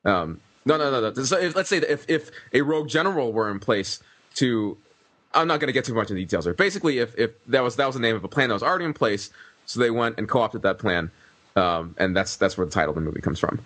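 A man's voice: medium pitch, lively intonation, quick pace, a bit bright, dry recording. A man in a casual talk show, explaining a film plot at length with frequent restarts. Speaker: podcast guest reviewing a film. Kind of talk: casual discussion.

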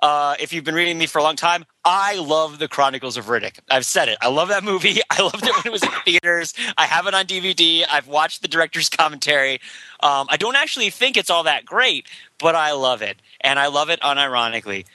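A man's voice: on the high side, expressive, a little fast, sharp tone, no room sound, rough recording. A man on a podcast panel talking casually and enthusiastically, laughing often.

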